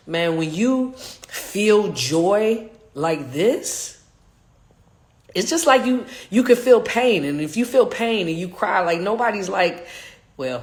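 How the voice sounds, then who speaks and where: An adult coach talking in a casual livestream vlog, earnest and heartfelt, rambling in loose slang with many restarts. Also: medium pitch. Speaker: fitness and life coach.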